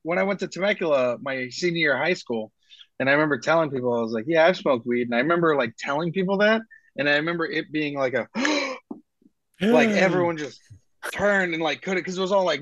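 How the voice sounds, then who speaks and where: A man with a somewhat high voice rambling through casual stories as a podcast guest, acting out the people in them. The sound is dry and close. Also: a bit bright, no room sound, lo-fi sound. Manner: rambling anecdotes with acted-out quotes. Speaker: comedian guest.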